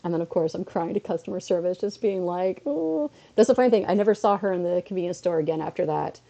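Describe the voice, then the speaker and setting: Woman streamer, a bit under the weather, casual storytelling, low voice, mellow tone. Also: lo-fi sound. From North America. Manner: animated storytelling with quick switches into quoted voices.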